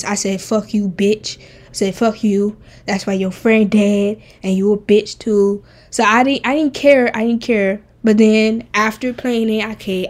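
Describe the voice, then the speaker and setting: A woman streamer chatting casually and bluntly while ranking game characters, animated and profane. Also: on the high side. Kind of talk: casual game tier-list chat.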